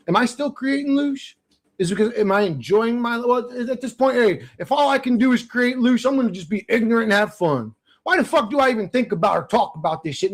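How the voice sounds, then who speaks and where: A young man hosting a livestream from a dark bedroom, talking to his chat in a rambling, profane rant that flares into angry outbursts. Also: sits high, dry recording, poor audio. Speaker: livestream host. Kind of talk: casual ranting talk to chat.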